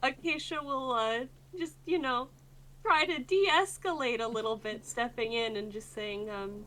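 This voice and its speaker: A woman's voice: a little high, measured pace, a bit bright, rough recording. A woman playing a tabletop role-playing game, describing her character's actions with hesitant ums and restarts. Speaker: player.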